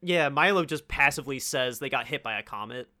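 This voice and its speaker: A man chatting about a movie he loved, enthusiastic and quick to laugh. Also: mid-range voice, animated, pushed and bright. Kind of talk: casual movie review chat.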